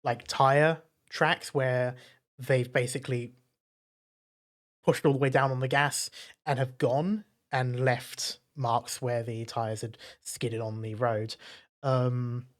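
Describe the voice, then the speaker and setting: A man's voice: mid-range voice, slow. Male dungeon master, mid voice, casual fill-heavy scene narration. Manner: descriptive, relaxed, many fillers. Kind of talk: narrating a tabletop game.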